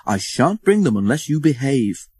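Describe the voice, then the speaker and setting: A man's voice: mid-range voice, sing-song, moderate pace, a little mellow, husky, no echo, pitched above the performer's own voice. A man voicing Edward, a kindly older male engine who is patient, firm and amused in a storybook reading. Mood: good-humoured. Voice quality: good-humoured, firm.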